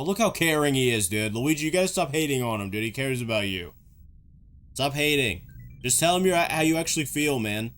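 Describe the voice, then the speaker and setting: A man's voice: mid-range voice, expressive, brisk, a bit bright. A man giving casual, joking reaction commentary on videos, rambling through chatty asides.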